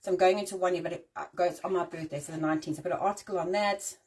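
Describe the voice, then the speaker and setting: A woman's voice: on the low side, racing, breathy edge, distant mic, poor audio. A woman from Africa, hosting a casual live-stream rant and swearing freely. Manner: animated, swears freely, ranting. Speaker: host.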